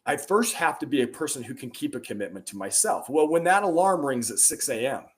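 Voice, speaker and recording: A man's voice: mid-range voice, big pitch swings, brisk. Earnest, emphatic man on a podcast. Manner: earnest and emphatic, with rising bursts of energy. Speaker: podcast guest. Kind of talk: conversational interview storytelling.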